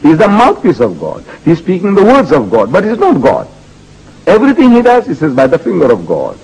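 Older male religious lecturer with a husky voice and a lively, swooping delivery, emphatic and repetitive. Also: fairly high pitch, brisk, rough recording. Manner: emphatic, repetitive rhetorical questions.

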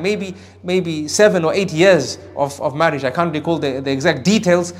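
A man preaching a sermon on Quran verses. He swings between raised emphasis and hushed asides, and recites Arabic phrases with careful pronunciation. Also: a little high, a little fast, hardly any pauses, soft background music. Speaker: Islamic preacher.

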